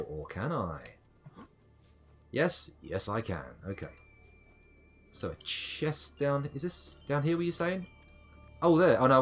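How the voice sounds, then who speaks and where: A middle-aged man giving chatty, playful live commentary on his game, talking to the creatures and to himself. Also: lowish voice. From United Kingdom. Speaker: gaming streamer.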